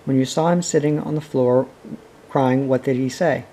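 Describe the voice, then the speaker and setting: An eager, knowing little girl from a storybook, full of questions, read by a man. The delivery is mellow and plain, close to his own voice. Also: mid-range voice, fairly even intonation, normal speed, natural voice, rough recording.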